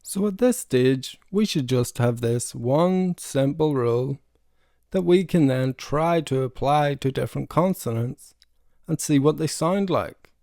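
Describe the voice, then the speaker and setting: A man's voice: medium pitch, unhurried, a little mellow, dry recording, clean studio sound. A man who is a language learner, giving a casual pronunciation lesson and repeating sounds to demonstrate them.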